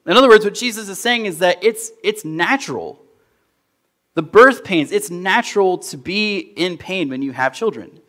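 A young adult man preaching a sermon as pastor, in a conversational storytelling manner that grows animated in anecdotes. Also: high-pitched, moderate pace.

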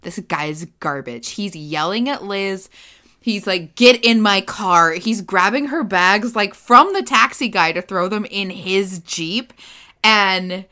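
A woman co-hosting a podcast, playful and quick to laugh, chatting casually. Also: mid-range voice, pushed and bright. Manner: playful, laughs often, exaggerated quoted voices. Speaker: podcast co-host. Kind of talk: casual chat recapping a TV episode.

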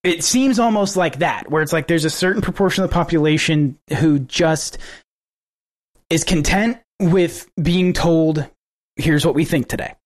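A man's voice: on the high side, measured pace. A man co-hosting a podcast, talking casually and rambling with frequent restarts and casual swearing. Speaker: podcast co-host. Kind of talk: casual political podcast chat.

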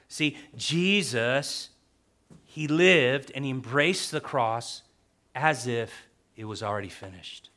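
A man preaching a sermon as pastor, emphatic, repeating key phrases and swinging from soft to loud. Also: medium pitch.

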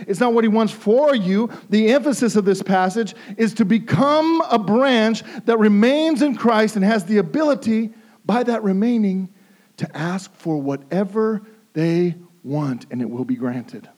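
High-voiced man preaching emphatically. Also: expressive, measured pace, a little mellow. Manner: emphatic, repeats phrases for emphasis. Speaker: pastor. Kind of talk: sermon.

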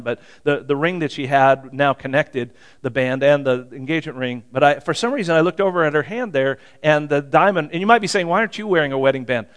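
A middle-aged man delivers a sermon to his congregation. His voice sits a little high for a man, and he keeps it conversational, breaking off for jokes and questions to the room. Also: clean tone. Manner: conversational, joking asides, asks the audience questions. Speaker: pastor.

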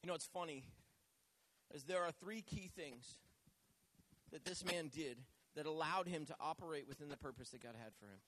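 A man's voice: fairly high pitch, moderate pace, a bit bright. A male pastor preaching a sermon, joking and teasing himself and asking the church to answer back. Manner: jokey, self-teasing, calls for responses.

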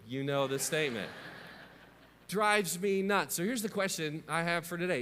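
A man's voice: on the high side, a little slow, a bit bright, long reverb tail, a little hiss or hum. A man in his thirties preaching a sermon as a pastor, conversational and story-driven, often asking his listeners questions.

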